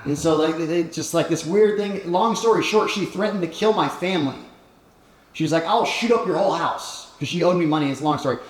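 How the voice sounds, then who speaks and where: High, animated man telling a story. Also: a little fast. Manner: animated, profane, laughing storyteller. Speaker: podcast guest. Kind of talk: storytelling on a podcast. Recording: roomy echoing room.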